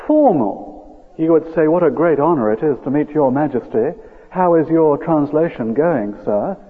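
Older preacher on tinny radio. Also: male voice, sits high. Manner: earnest, emphatic, rising with feeling, drawn-out stresses. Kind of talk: sermon. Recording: phone-like old radio broadcast with long reverb.

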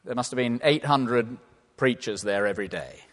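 A man's voice: medium pitch, normal speed. Man preaching in a reverberant hall. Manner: animated, playful asides and laughter, drops to quiet earnest tones. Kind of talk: sermon. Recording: long reverb of a large hall.

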